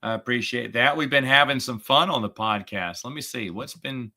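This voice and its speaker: A middle-aged podcast host chats casually in a sarcastic, talkative style, growing animated when he retells a story. His voice sits in the mid range and moves at a moderate pace.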